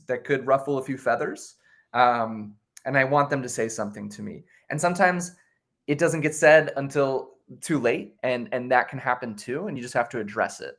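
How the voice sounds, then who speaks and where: A man speaking as a guest on a live stream, an improv performer talking in a relaxed, chatty way. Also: mid-range voice. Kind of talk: casual conversation.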